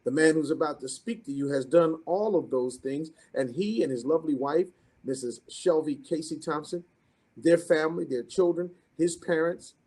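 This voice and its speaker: A man with a fairly high, slightly rough voice hosts an online business event and introduces the next speaker. He delivers an energetic motivational intro like a preacher, with rhythmic repetition, repeated calls to the audience, and rising excited shouts.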